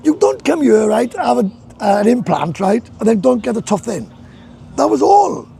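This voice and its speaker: A man's voice: very high-pitched, big pitch swings, moderate pace, gravelly, mellow, slight background noise. A Welsh man chatting on a casual live stream from a bar, rambling and swearing, laughing often. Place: bar in a hot tourist town.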